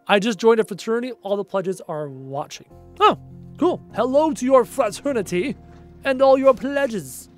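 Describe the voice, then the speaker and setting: Soft music plays quietly under a late-night home gaming stream, where a Canadian man with a fairly high voice reads viewer comments aloud. He sounds tired but animated at a normal speed, chatting and rambling as his phrases trail off quietly.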